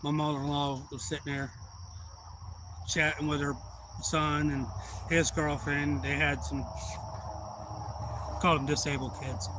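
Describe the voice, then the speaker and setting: A man's voice: on the high side, noisy background. A man casually telling a rambling family story on a live stream, acting out other people's lines as he goes. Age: adult father. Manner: rambling, animated retelling with quoted voices. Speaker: outdoors channel host.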